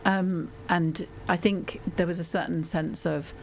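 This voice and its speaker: A woman's voice: fairly low pitch, fairly even intonation, unhurried, vocal fry, a little hiss or hum. A woman author on a radio show, talking about her novel in a thoughtful, hesitant way. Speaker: author guest. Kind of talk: radio interview conversation.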